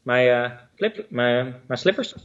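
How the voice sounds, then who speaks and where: A man speaks as a guest over a remote call, and his voice sounds distant and dull. He talks at a middle pitch. He hesitates and restarts often in an easygoing way. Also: animated, unhurried. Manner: hesitant, lots of fillers and restarts, laughs easily. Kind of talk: casual remote chat.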